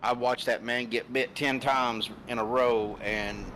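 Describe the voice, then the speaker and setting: A man co-commentating, telling a rambling story with lots of fillers and pauses. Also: medium pitch, steady tone, fairly bright tone, a little hiss or hum, low-quality recording. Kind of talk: casual chat.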